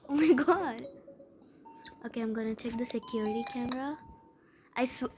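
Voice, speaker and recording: A young woman talking through a horror game as she plays, jumpy and panicky and quick to squeal at the scares. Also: a little high, darkish tone. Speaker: gamer playing a horror game. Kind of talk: live gameplay commentary. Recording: noisy home recording.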